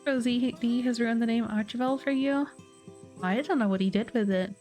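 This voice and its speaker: A woman's voice: fairly high pitch, fairly even intonation, moderate pace, a little mellow, soft background music. A woman streamer chatting casually while she plays a game, making offhand comments between the lines she reads. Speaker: livestream host. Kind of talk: casual chat while gaming.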